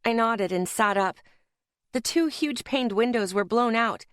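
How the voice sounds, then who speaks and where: A woman's voice: on the high side, measured pace, no echo, clean studio sound. A woman narrating a first-person audiobook in a tense, dramatic storytelling manner.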